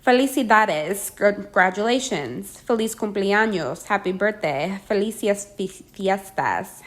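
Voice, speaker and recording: A woman narrating a language lesson, reading each phrase slowly and clearly before translating it. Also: mid-range voice. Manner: clear, deliberate, slows down for the phrases. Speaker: language teacher.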